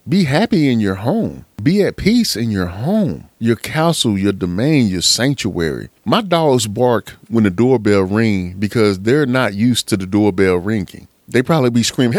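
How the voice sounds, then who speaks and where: A man's voice: medium pitch, big pitch swings, normal speed, hardly any pauses, dry recording. A man giving a casual, preachy motivational talk in slangy speech, often calling the listener man. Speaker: motivational speaker.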